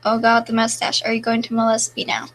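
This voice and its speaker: A woman's voice: fairly high pitch, completely flat delivery, quick pace, a bit bright, a little hiss or hum, poor audio. A young woman casually chatting on a live stream, reading viewer questions aloud and answering them offhandedly.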